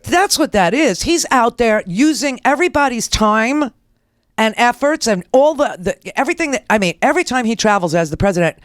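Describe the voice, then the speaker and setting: A woman's voice: a little high, expressive, a little fast, dry recording, clean studio sound. A middle-aged woman hosting a political talk radio show, ranting in a blunt, sarcastic and crude way.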